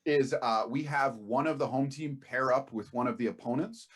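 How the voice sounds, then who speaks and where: A man's voice: mid-range voice, normal speed. A man running a tabletop game as game master, explaining the scene in a casual, rambling manner. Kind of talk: narrating a tabletop game on a stream.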